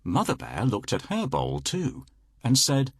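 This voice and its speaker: A man narrating a bedtime story in a slow, expressive storytelling way. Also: medium pitch, slightly rough, no room sound, clean studio sound.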